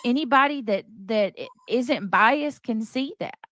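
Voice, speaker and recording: A woman's voice: a little high, lively intonation, a little slow, fairly bright tone, a little hiss or hum. A woman hosting a casual live stream, defensive and exasperated, repeating herself and restarting sentences as she answers her chat.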